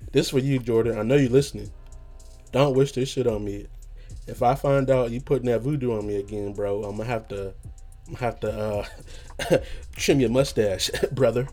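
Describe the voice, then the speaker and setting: Hoarse man rambling through a story. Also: medium pitch, moderate pace, darkish tone, faint music behind. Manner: rambling, laughing, peppers talk with "you know what I'm saying". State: hoarse, just woke up. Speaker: podcast host. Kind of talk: casual storytelling monologue.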